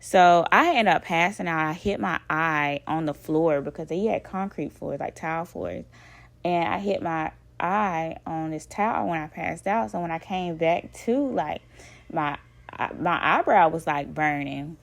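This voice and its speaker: A woman from Alabama, telling a personal story in a casual, animated way, swearing and addressing listeners as y'all. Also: deep voice, unhurried, vocal fry, no echo. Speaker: vlogger.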